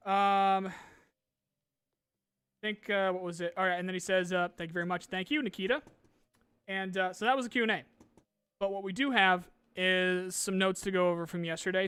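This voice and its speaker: A man's voice: high-pitched, fairly bright tone, clear, resonant tone, dry recording, clean studio sound. A young adult man hosting a gaming podcast in casual chat, ranting with lots of swearing and restarts.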